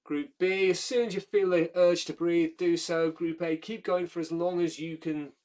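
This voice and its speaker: A man leading a breathwork class, calmly talking listeners through each step with frequent fillers and self-corrections. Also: on the high side, moderate pace. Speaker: breathwork instructor.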